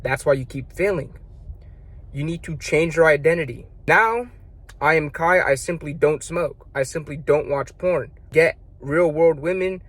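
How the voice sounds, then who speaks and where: A man's voice: a little high, a little slow, a bit bright, no room sound. A young man telling a story and giving blunt, profane, slang-heavy self-improvement advice. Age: young adult. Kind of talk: casual advice monologue.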